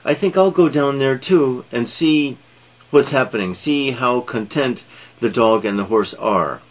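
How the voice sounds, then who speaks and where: A man's voice: medium pitch, unhurried, natural voice. A man voicing a wary storybook cow. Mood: cautious. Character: cautious male cow.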